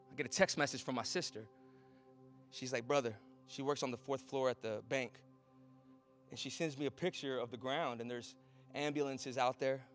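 A man preaching a sermon as a pastor, moving from quiet storytelling to loud, rising exhortation. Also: mid-range voice.

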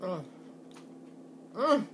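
Folksy woman chatting as she eats, bouncy highish voice, faint room hum behind. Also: sing-song, very slow, fairly bright tone. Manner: chatty, folksy, says "y'all" a lot. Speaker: food vlogger. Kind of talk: casual mukbang chat to camera.

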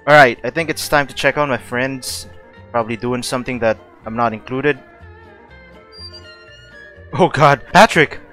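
A young man giving excitable let's play commentary who laughs often and swears. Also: fairly high pitch. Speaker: gaming streamer.

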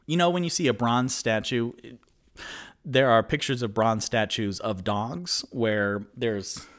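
A man narrating a solo tabletop game as game master, describing scenes slowly with fillers. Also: lowish voice.

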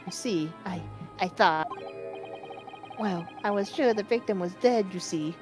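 A woman voicing a grieving young male police constable in a fan dub of a game, confessing haltingly with stammers. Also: medium pitch, music in the background, lightly acted. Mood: pleading.

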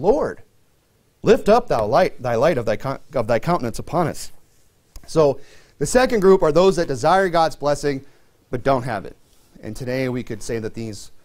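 Man preaching a conversational sermon. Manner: conversational preaching, many fillers, rises in pitch for emphasis. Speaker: pastor.

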